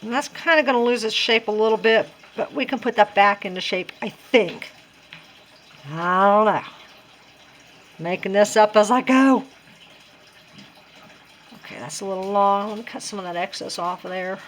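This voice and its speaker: A woman's voice: mid-range voice, normal speed, long pauses, fairly bright tone. A woman talking casually through a craft tutorial, chatty and self-deprecating as she works things out aloud. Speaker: crafting vlogger.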